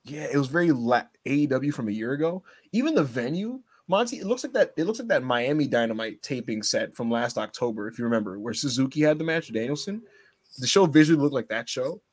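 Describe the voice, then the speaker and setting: A man co-hosting a casual wrestling podcast, joking, animated and laughing often. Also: mid-range voice, fast talker, slightly rough. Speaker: podcast co-host.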